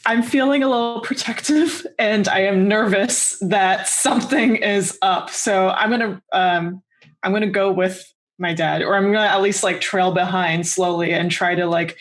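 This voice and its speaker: A woman's voice: mid-range voice, steady tone, normal speed, fairly bright tone. A woman describes what her character does in a tabletop game. She speaks casually and a little tentatively. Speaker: player. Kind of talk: tabletop role-play.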